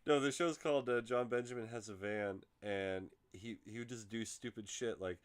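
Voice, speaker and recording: A man hosting a casual chat, telling stories in an animated way and swearing freely. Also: fairly low pitch, normal speed. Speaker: podcast host.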